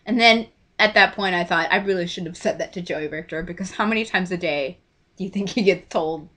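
A young woman from Texas telling an excited story to her camera, gushing and acting out everyone's lines. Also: lowish voice, fairly quick. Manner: gushing, breathless, acts out quoted voices. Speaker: vlogger.

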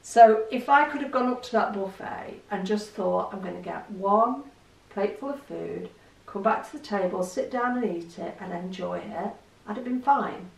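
A middle-aged woman talks candidly to the camera and pokes fun at herself. Her voice has a gravelly rasp, and she sounds a little distant in an echoey room. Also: medium pitch, normal speed. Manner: chatty, candid, self-deprecating. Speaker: vlogger. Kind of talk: casual chat to camera.

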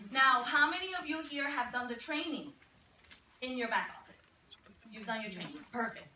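A woman in her thirties leading a motivational training session as a business coach, chatty and quick to laugh. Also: high-pitched. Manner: chatty storyteller, laughs often. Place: meeting room with a live audience. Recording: roomy, distant, faint background noise.

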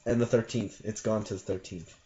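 A man's voice: on the low side, fairly even intonation, a little fast. Young male co-host, playful banter, slightly dull home mic. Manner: playful, bickering, loud sign-offs. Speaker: gaming channel co-host. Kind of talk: casual Minecraft gameplay chat.

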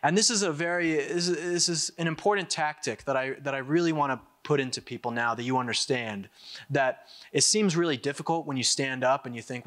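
A young man from the United States, speaking to an audience at a conference, delivers an emphatic political speech. His voice is fairly high and fairly bright, and he repeats words to build his points, tossing in quick asides.

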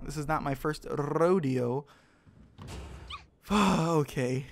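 A man's voice: on the high side, very slow, pauses often. A man hosting a let's play, giving casual gameplay commentary in a chatty, joking manner and swearing freely.

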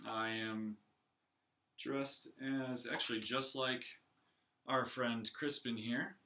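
A man, a teacher, reading a picture book aloud in an animated storytelling voice, close to the camera. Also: mid-range voice, slow. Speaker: reader, teacher.

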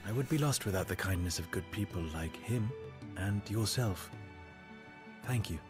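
An actor playing a kind, weary male caretaker of the sick in a video game, gentle and grateful. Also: on the low side, normal speed, close to an everyday voice. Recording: game audio with music behind.

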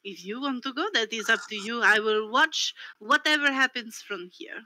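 A woman's voice: on the high side, normal speed, pushed and bright, rough recording. A woman voicing a prim, haughty woman in a tabletop game. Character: haughty woman who stays in her booth.

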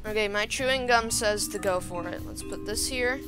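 A woman's voice: mid-range voice, normal speed. A woman chatting to herself during gameplay commentary, thinking aloud and getting exasperated as she plays at her computer. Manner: chatty, talks to herself while building, gets exasperated. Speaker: gaming channel host. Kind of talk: let's-play gameplay commentary. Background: game music.

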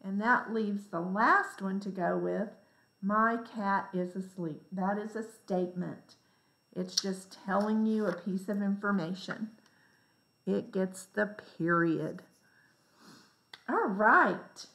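A woman teacher giving a lesson to young children, reading example sentences slowly with exaggerated expression. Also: mid-range voice, fairly bright tone, roomy sound, rough recording. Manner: slow, clear, exaggerated reading for young kids.

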